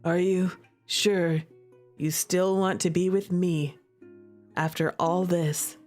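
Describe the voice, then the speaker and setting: A woman voicing a gentle, weary grown man, a math teacher in a dating game, speaking softly and hesitantly. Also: fairly low pitch, steady tone, takes it slowly, faint music behind, pitched below the performer's own voice. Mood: tender.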